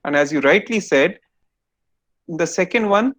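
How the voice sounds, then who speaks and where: A man's voice: high voice, normal speed, no room sound. A man giving an online lecture to students over a video call, explaining step by step and quizzing them.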